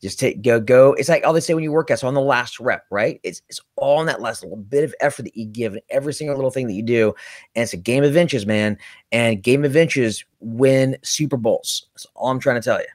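A man's voice: mid-range voice, fairly quick, dry recording, clean studio sound. A man co-hosting a casual talk show, bantering sarcastically. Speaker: co-host. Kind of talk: casual chat.

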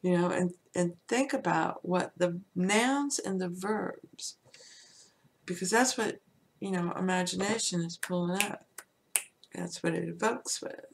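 A woman hosting a podcast, teaching in a casual, rambling way with many "you know" fillers, sometimes dropping to a soft near-whisper. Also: lowish voice, unhurried, vocal fry, breathy edge. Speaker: podcast host. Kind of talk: casual spiritual teaching talk.

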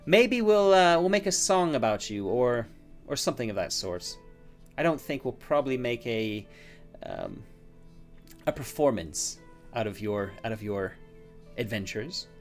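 A man's voice: medium pitch, very animated, unhurried, faint music behind. A man doing a sly, mocking female elf.

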